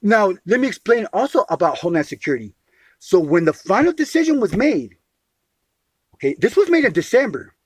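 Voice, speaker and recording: On the phone, an agitated man airs a long grievance, restarting phrases, repeating words, and calling the listener sweetie. His high voice is very animated, slightly rough, and a little fast, with no echo.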